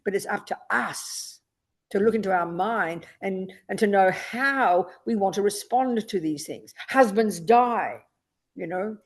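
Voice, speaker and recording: A Buddhist nun teaching a dharma talk, blunt and emphatic, often checking with rhetorical questions. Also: female voice, mid-range voice, measured pace.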